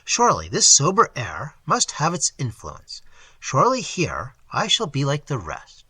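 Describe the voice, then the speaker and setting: A reckless, worldly young gentleman, bold and breezy with a faint sneer, as a male reader acts him out. The voice is forceful and husky with lively pitch, close and dry like a storybook reading. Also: measured pace, no room sound, exaggerated voice.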